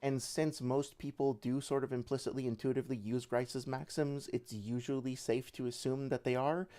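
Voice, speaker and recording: A man's voice: mid-range voice, steady tone, moderate pace, mellow. A young man giving casual livestream commentary as a debate reviewer, rambling with many fillers and restarts.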